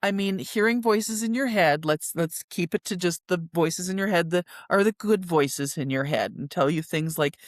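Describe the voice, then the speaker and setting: A woman's voice: on the low side, normal speed, few pauses, no echo, clean studio sound. A woman hosting a solo podcast, talking casually and self-deprecatingly about her writing, with filler words and restarts. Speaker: podcast host and indie author.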